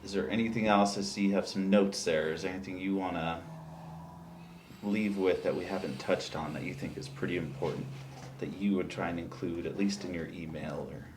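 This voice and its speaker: A man's voice: low voice, fairly even intonation, brisk, noisy background. A man interviewing a colleague, asking casual questions and affirming often. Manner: affirming, short backchannels.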